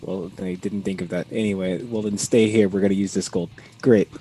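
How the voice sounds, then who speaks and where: A man's voice: deep voice, fairly even intonation, a little fast, warm tone, breathy edge, low-quality recording. A man playing a tabletop game, talking casually and a little hesitantly. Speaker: player.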